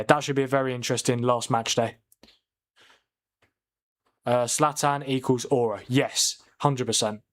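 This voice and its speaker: A man hosting a live watchalong stream, chatting casually, debating and answering viewers' comments. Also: medium pitch. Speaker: livestream watchalong host. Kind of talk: casual live football chat.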